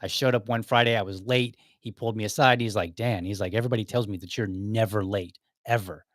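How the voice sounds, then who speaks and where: A man's voice: lowish voice, fairly even intonation, fast talker, no room sound. Man telling a story on his podcast, dry close sound. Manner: anecdotal, acts out quoted dialogue, chuckles often. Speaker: podcast host. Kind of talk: casual storytelling monologue.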